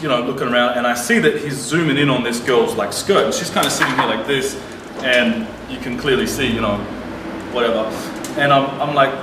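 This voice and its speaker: A man tells a story straight to camera in a blunt, profane, heated way. His voice sits in a middle range. The room is echoey, the mic is a little distant, and there is a faint hiss. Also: medium pitch. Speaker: vlogger. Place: lives abroad.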